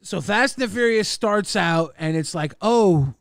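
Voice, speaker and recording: A man hosting a livestream, casually reading viewer messages and rambling with plenty of swearing in a deadpan way. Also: sits high, unhurried, few pauses, clean tone, dry recording, clean studio sound. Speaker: stream host.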